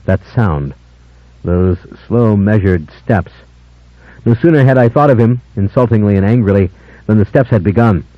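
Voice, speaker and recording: A man narrating an unabridged audiobook in a measured, dramatic first-person style. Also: lowish voice, dry recording. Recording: dull lo-fi older audiobook, dry.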